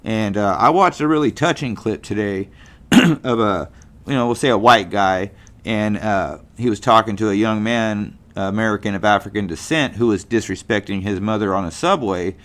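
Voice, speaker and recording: Middle-aged guy from california rambling on his own show, lowish voice, lots of um and you know. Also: moderate pace, fairly bright tone. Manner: rambling, folksy, with many fillers and restarts. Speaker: podcast host. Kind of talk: casual monologue.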